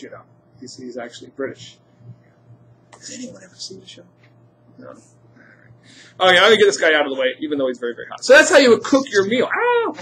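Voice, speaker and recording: Slight background noise sits under this high school chemistry teacher's fairly bright, somewhat high voice. He lectures his class, quizzing students and tossing in joking asides.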